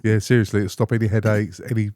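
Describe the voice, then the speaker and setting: A middle-aged British man, a father co-hosting a podcast, telling anecdotes in a chatty, animated way. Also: lowish voice, quick pace, no room sound, studio quality. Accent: British English. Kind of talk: casual podcast chat.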